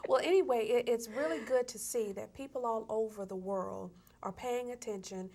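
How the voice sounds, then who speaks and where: A woman's voice: a little high, normal speed, darkish tone. A woman hosting an interview show, chatting casually and affirming her guest with frequent murmurs of agreement. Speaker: talk show host.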